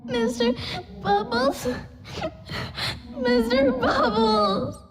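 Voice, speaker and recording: A woman's voice: very high-pitched, big pitch swings, very slow, heavily acted. An eerie sing-song little girl. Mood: pleading, tearful. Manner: sing-song, childish talk, pleading. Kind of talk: game voice lines. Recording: game audio with music behind.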